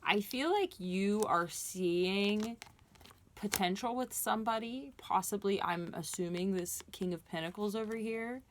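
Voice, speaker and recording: A woman's voice: mid-range voice, measured pace, slight background noise. A woman giving a casual tarot reading, talking in an earnest, reassuring way with many fillers and restarts. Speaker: tarot reader.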